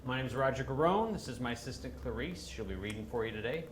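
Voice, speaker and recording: A man's voice: mid-range voice, lively intonation, fast, echoey room, slight background noise, lightly acted. An actor playing a dismissive, mocking male casting director in a short film. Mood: smooth. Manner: condescending, mocking. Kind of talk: film dialogue.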